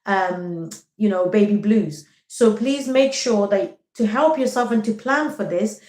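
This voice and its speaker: A woman talking straight to the camera with postpartum advice, reassuring and earnest, often checking in with a quick "okay?". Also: medium pitch, darkish tone, roomy sound. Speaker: vlogger giving postpartum advice. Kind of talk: direct-to-camera advice talk.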